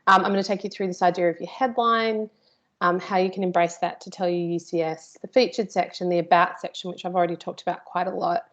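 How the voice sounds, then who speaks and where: A woman's voice: on the low side, flat delivery, quick pace. Chatty woman presenter, muffled audio. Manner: chatty, with playful asides to the host. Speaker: workshop presenter and teacher. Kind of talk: live online workshop presentation.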